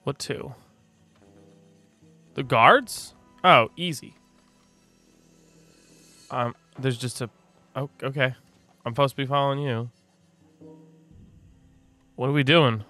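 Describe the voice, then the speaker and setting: A man hosting a let's play, commenting on the game in an excitable, joking way. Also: mid-range voice, slow pace, long pauses, no echo, faint music behind. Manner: excitable, joking, often laughing. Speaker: gaming channel host.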